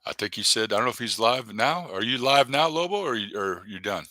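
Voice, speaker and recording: A man's voice: mid-range voice, lively intonation, a little fast, bright, forceful tone, no room sound. A man hosting a live stream, rambling and joking casually as he talks to viewers in the chat by name. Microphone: desk webcam setup.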